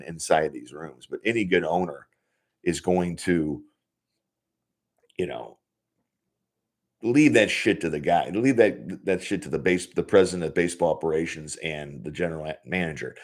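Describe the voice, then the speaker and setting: A man's voice: low voice, moderate pace. A man in his forties hosting a casual solo podcast from his home office, rambling and swearing freely, laughing often. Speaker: podcast host.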